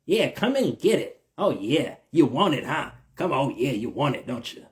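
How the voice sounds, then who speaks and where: A man voicing a smug male tempter who flaunts his riches and taunts the listener in drawn-out, sing-song tones. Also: mid-range voice, sing-song, darkish tone, natural voice. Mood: taunting.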